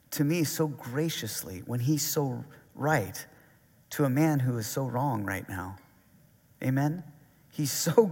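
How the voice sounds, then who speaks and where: A man preaching a sermon, animated and conversational, reading scripture aloud. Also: a little high, long reverb tail. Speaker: pastor.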